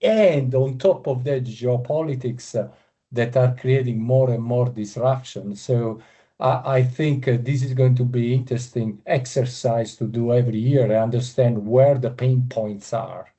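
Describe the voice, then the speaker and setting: A middle-aged man with an Italian accent speaks over a video call, his voice mellow and warm. He tells his story with emphatic repetition. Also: medium pitch, unhurried, highs cut off. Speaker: industry veteran attendee. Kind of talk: webinar remarks.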